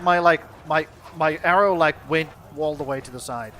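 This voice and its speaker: A man's voice: fairly high pitch, moderate pace. A young man giving laid-back, casual commentary on his gameplay, cursing now and then and trailing off mid-sentence. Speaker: gaming channel host. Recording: steady background noise.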